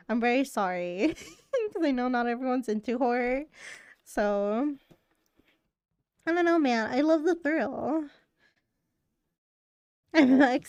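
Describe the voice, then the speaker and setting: Woman streamer, rambling and chatty, laughs a lot; smooth voice, dry close sound. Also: on the high side, darkish tone, no echo. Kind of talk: casual live-stream chat.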